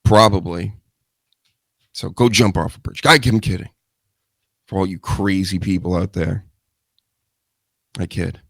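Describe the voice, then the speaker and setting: A man riffs solo on his show, rambling from one joke to the next with crude asides. His voice sits a little low, and the studio mic sounds close and dry with no room echo. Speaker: show host. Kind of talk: solo radio-style chat show.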